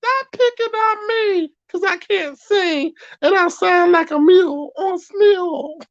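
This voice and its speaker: A man putting on a high, whiny voice, playing a weepy woman who can't sing. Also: a little slow, fairly bright tone, dry recording, highs cut off, exaggerated voice. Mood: whining. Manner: whiny, near tears.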